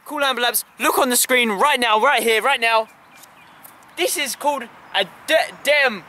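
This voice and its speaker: A young man hosting his own channel, ranting in a comic, stammering, repetitive way with shouted bursts, filmed outdoors on a camera held by a friend. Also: very high voice, moderate pace. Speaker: channel host.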